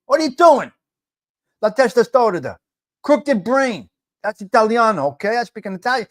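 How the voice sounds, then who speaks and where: A man's voice: very high-pitched, very animated, normal speed. A middle-aged man hosting a casual live chat, teasing viewers, repeating himself and dropping Italian phrases. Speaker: livestream host.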